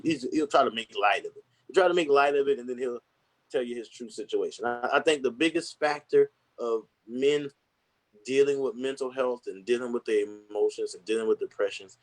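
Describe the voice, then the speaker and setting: A man's voice: mid-range voice, brisk. A man speaking candidly and earnestly in casual conversation, rambling with restarts and slang. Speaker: podcast guest.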